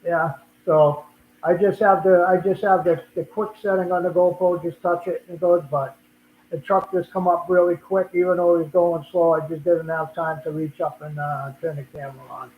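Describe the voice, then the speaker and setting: A man's voice: fairly high pitch, fairly even intonation, moderate pace, slight background noise. An older man with a Boston accent, hosting a casual live stream and chatting in a rambling way, often restarting his sentences. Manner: rambling, repeats and restarts words. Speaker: livestream host. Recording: echoey room, tinny phone-like sound.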